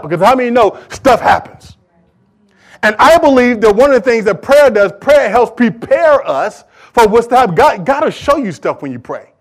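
Pastor, male, high voice, animated sermon delivery with loud and hushed passages, asks the room questions. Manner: animated preaching, big swings from loud to hushed; asks the congregation questions, repeats words for emphasis. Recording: audio recording of a live sermon.

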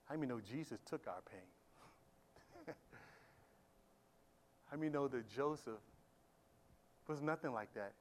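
Man, pastor, fairly high voice, preaching, quiet-to-loud swings, call-and-response questions. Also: moderate pace, pauses often. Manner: swings from quiet talk to loud shouted emphasis; asks the congregation questions. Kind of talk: sermon. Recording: live church sermon audio.

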